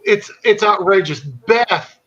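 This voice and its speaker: A man's voice: high-pitched, takes it slowly, breathy edge, highs cut off. A man telling a long funny anecdote in a casual chat, often breaking into laughter as he recounts it. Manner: animated anecdote teller, laughing through his story. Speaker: podcast host. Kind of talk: casual storytelling.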